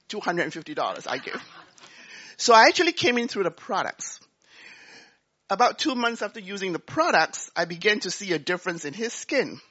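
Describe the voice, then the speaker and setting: A woman giving a talk, telling a personal story in an animated way and acting out the dialogue. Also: on the low side, fairly quick, breathy edge, lo-fi sound. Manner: animated, acts out dialogue, laughs often. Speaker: business speaker.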